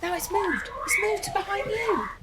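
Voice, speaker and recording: High, frightened woman on a ghost hunt. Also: very animated, moderate pace. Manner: frightened, exclaiming. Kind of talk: live paranormal investigation. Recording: distant mic, loud background noise.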